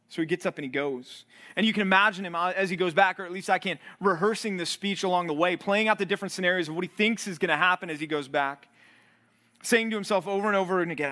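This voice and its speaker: Animated preacher with a higher-pitched voice. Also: male voice, brisk. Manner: animated, acts out quoted voices. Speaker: pastor. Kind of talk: sermon.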